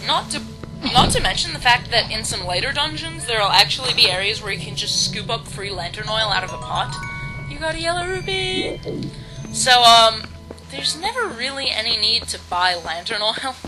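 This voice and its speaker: A woman's voice: on the high side, animated, normal speed, poor audio. A woman giving casual, rambling commentary on a game she is playing, with game music under her voice. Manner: rambling, hesitant, full of restarts and "like". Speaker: let's play host.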